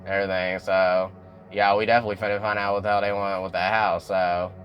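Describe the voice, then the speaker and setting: A young man talks through a TV episode in a loose, slangy way and keeps addressing his audience directly. His voice sits low. Soft music plays quietly underneath him. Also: little pitch movement, quick pace, dull audio. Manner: chatty slangy storytelling, addresses viewers as y'all. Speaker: TV recap vlogger. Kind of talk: casual episode recap.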